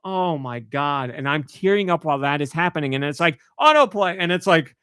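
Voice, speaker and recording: Podcast host guy, slightly high voice, animated ranting storyteller. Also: quick pace, smooth, no echo, clean studio sound. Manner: animated storytelling, acts out his own outbursts. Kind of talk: casual podcast chat.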